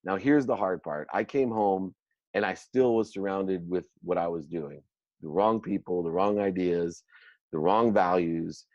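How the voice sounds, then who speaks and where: A middle-aged man, a guest on an interview show, telling his life story in an animated, self-mocking way and acting out the dialogue. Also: low-pitched, unhurried, no room sound. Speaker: guest entrepreneur. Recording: dull lo-fi dry sound.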